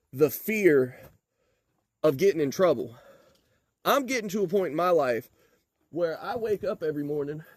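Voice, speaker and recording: A man's voice: high voice, a little mellow, no echo. A man, swearing and threatening in a heated rant to his vlog audience, then talking casually about his truck project. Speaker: vlogger, truck project owner. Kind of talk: angry rant to camera.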